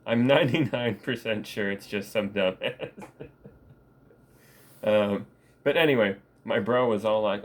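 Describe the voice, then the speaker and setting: A man with a somewhat low voice talks in a loose, rambling vlog monologue. He swears constantly and laughs often while he talks. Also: a little slow, long pauses. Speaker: vlogger.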